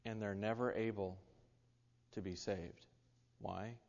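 A man's voice: on the low side, fairly even intonation, slow, creaky, darkish tone, lo-fi sound. American man preaching in a reverberant hall. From United States. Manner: earnest, with frequent restarts and asides. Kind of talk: sermon.

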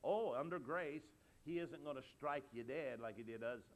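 A man's voice: mid-range voice, moderate pace. Older male preacher, emphatic sermon. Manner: emphatic, swings between loud and soft.

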